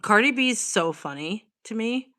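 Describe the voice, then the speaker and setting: A woman's voice: fairly high pitch, expressive, normal speed, pushed and bright. A young woman from Australia, chatting casually on a live stream at home and reading out viewers' comments. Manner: chatty, reads out viewer comments, talks to her cat. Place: home living room.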